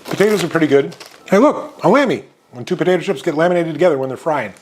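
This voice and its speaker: A man's voice: on the high side, lively intonation, quick pace, darkish tone, slight background noise. A man hosting a snack review show, tasting and describing chips in an upbeat, enthusiastic way with frequent fillers. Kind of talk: casual food review.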